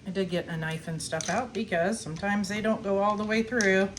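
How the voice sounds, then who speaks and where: She speaks briskly in a mid-range voice with fairly even intonation, and there's slight background noise. Working in her home kitchen, this middle-aged homestead vlogger casually walks through a task, chatting, laughing often, and snacking.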